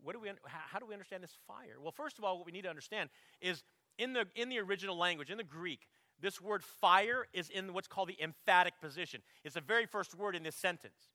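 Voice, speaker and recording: A man delivers a sermon in a bright, forceful voice that sits a bit high for a man. He swings from loud, emphatic quotations to low, reflective asides and clears his throat now and then. The sound is close and dry, with no room echo. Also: quick pace. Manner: emphatic preaching, swelling loud on quotes, dropping low to reflect. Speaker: pastor.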